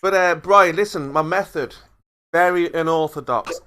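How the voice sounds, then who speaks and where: A man's voice: on the high side, moderate pace, heavy background noise. A man in a heated online panel debate, talking in a theatrical, rambling way and talking over the others.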